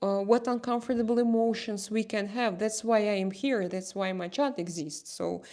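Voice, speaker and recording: Chatty woman with a Slavic accent. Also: medium pitch. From Slavic country. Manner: animated, halting, many restarts. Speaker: livestream host. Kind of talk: casual livestream chat reading comments.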